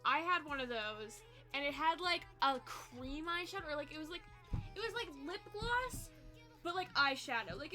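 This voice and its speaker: A woman in her twenties chatting casually with her live chat as a streamer, swearing, laughing often and saying "like" a lot, with a quiet song playing behind her. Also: high voice. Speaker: livestreamer. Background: quiet pop song playing.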